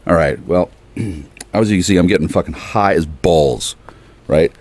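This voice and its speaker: A man ranting on his porch in a rambling, profane monologue that veers between loud outbursts and quiet muttering. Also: low-pitched, unhurried. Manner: profane, erratic, shifts between ranting and murmuring. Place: outdoors on a porch.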